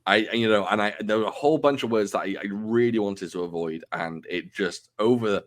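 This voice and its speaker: A man's voice: fairly low pitch, brisk. A British man in his forties, hosting an interview in a chatty, self-deprecating way, restarting his sentences as he talks. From United Kingdom. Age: 40s. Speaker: podcast host. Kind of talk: casual interview chat.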